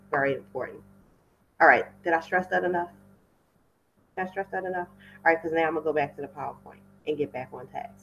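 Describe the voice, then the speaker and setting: A woman's voice: sits low, a bit bright, dull audio. Chatty woman running a webinar, keeps repeating for emphasis, wanders off script, computer mic sound. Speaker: webinar host teaching wedding pros. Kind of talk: casual talk from a webinar.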